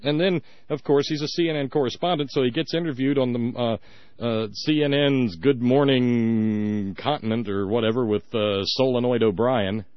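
A man's voice: mid-range voice, normal speed, dry recording, dull audio. A man hosting a political call-in radio show, ranting in a sarcastic, mocking way. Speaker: radio talk show host.

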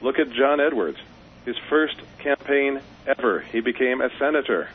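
A man's voice: mid-range voice, expressive, moderate pace, a little hiss or hum. Man calling in over a tinny phone line. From Colorado. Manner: earnest and persuasive, with fillers. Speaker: caller. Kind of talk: phone-in talk. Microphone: telephone.

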